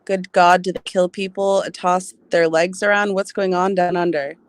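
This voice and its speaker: A woman's voice: lowish voice, steady tone, normal speed, smooth, no room sound. Giggly woman in playful chat. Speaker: livestream co-host. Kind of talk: casual chat.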